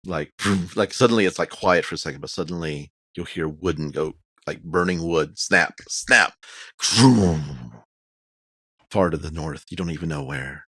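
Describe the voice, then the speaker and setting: A man's voice: rumbling low, unhurried, fairly bright tone, breathy edge, no room sound. A man narrating vividly as dungeon master of a tabletop game, with casual fillers.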